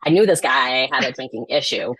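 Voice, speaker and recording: A woman's voice: a bass voice, brisk, husky, no echo. A woman, a real estate agent, telling stories in casual chat and acting out the people she quotes. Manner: animated storyteller, acts out quotes.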